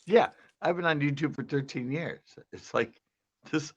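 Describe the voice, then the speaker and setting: A man's voice: on the high side, moderate pace, breathy edge. A man from California hosting a fishing channel, chatting casually on a porch at night and laughing often. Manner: laughs often, relaxed storytelling. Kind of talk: casual chat. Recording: dull lo-fi sound.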